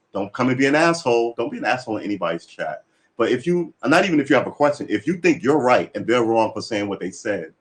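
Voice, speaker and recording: A man chatting casually on a livestream, rambling and swearing, acting out little quoted exchanges as he goes. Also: medium pitch.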